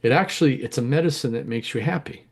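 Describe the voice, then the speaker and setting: A man's voice: mid-range voice, fast, breathy edge. A middle-aged man telling rambling, candid stories in an interview, often correcting himself mid-sentence. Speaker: interview guest, home grower. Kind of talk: casual storytelling interview.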